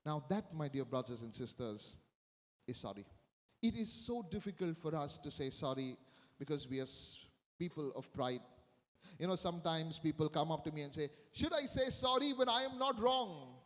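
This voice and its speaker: A man's voice: fairly high pitch, animated, normal speed, in a large hall. A man preaching a sermon as a priest, emphatic and repeating his key phrases.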